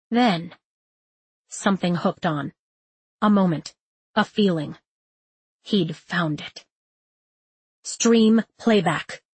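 A woman reading a novel aloud in a measured, expressive storytelling manner. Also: mid-range voice, breathy edge, no echo. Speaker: audiobook narrator. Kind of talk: scripted narration.

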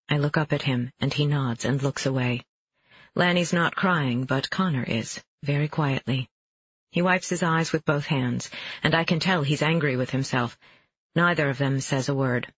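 A man narrating a first-person novel in a measured, even storytelling voice, on a dull, dry recording. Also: medium pitch, husky, dry recording. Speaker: audiobook narrator.

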